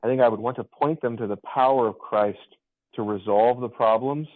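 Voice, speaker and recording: A man's voice: mid-range voice, moderate pace, dry recording. A man, a pastor, speaking as a guest on a radio show in an encouraging, preacherly way. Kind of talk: casual radio conversation. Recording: tinny phone line.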